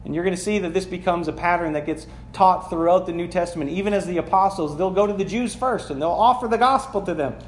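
A man's voice: sits high, fast talker, hardly any pauses, echoey room, a little hiss or hum. A man preaching a sermon, reading scripture aloud and explaining it in a conversational way, asking the congregation questions as he goes. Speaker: pastor. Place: church sanctuary.

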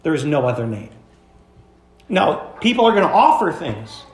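A man's voice: fairly high pitch, very animated, normal speed, roomy sound. A man preaching a sermon as pastor, emphatic and asking the congregation questions. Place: church sanctuary.

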